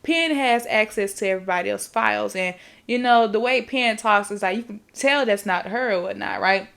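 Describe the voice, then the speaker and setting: A woman's voice: medium pitch, normal speed, creaky, a bit bright. Woman podcast host, loose profane recap storyteller, rambling, talks right to her listeners. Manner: rambling and profane, with repeated fillers; talks straight to the audience. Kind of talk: casual movie recap storytelling.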